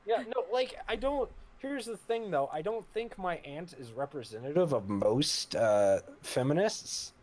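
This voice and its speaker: A man chatting on an online call who tells stories in a halting, rambling way. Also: on the high side, lively intonation, a little mellow. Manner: hesitant, rambling storyteller. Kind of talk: casual group voice chat.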